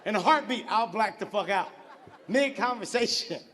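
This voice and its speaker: High-voiced exasperated comedian in his forties. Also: moderate pace, long reverb tail, slight background noise. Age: 40s. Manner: animated, exasperated storytelling with profane outbursts. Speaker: stand-up comedian. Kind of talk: stand-up comedy storytelling.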